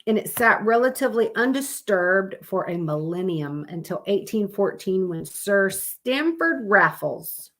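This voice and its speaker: A woman's voice: mid-range voice, fairly bright tone. Chatty rambling woman streamer. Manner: chatty, rambling, with fillers and self-corrections. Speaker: live stream host. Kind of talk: casual live stream chat.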